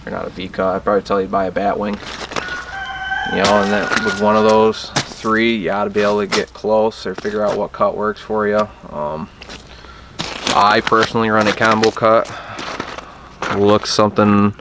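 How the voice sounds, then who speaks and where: Low, flat-voiced man teaching outdoors. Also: moderate pace, noisy background. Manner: relaxed, plainspoken, self-deprecating, with fillers. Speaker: hunting call instructor. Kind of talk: casual outdoor how-to. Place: outdoors in bright sun.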